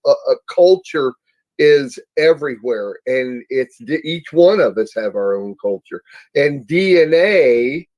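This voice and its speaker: Slow halting man on a faith show. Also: medium pitch, darkish tone, no room sound, low-quality recording. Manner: halting, many restarts and fillers. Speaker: co-host. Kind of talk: faith talk show discussion.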